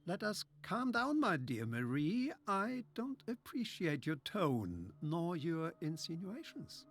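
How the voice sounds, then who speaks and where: A man's voice: fairly high pitch, sing-song, takes it slowly, fairly bright tone, full character voice. An actor voicing a scheming, condescending male mad-scientist doctor with a slight German accent in a video game. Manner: silky, condescending, patronizing.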